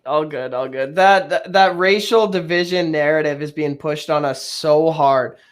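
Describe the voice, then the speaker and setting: A man hosting a casual talk, agreeing in a laid-back, drawn-out way. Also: a little high, clear, resonant tone. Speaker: host. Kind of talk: casual chat.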